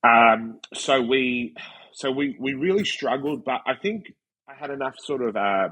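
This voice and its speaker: A man with a slightly husky, breathy voice, talking at a middle pitch. He tells stories in loose, casual podcast chat. He animates them by acting out the people he quotes. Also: a little slow. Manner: animated storyteller acting out quoted dialogue, frequent "like". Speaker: podcast guest, wrestler and commentator.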